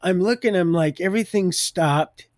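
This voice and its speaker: A man's voice: sits high, normal speed, darkish tone, no room sound, clean studio sound. A man hosting a live stream, telling a faith story in a rambling way, often laughing mid-sentence and repeating his words.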